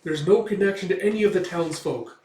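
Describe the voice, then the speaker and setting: A man doing a shrill panicked mayor. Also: fairly quick, mellow, echoey room, distant mic, natural voice. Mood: pleading. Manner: shrill, frantic begging. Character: panicked pleading male town mayor.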